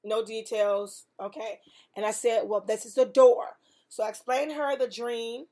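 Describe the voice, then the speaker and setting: A woman's voice: a little high, fairly even intonation, unhurried, mellow. A woman hosting a faith podcast, telling a testimony in an earnest, emphatic way with preaching repetition. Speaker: podcast host.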